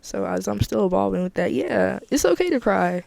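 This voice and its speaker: A woman's voice: medium pitch, sing-song, fairly quick, creaky, a little mellow, no echo. A woman hosting her own podcast, talking candidly and emphatically in a casual solo monologue, often repeating herself for emphasis. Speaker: podcast host.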